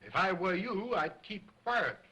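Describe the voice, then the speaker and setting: An actor playing a pompous, egocentric stage ventriloquist in early sound film acting, formal and scolding. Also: male voice, high voice, lively intonation, a little slow, noisy background. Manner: grandiose, stiffly formal, scolding.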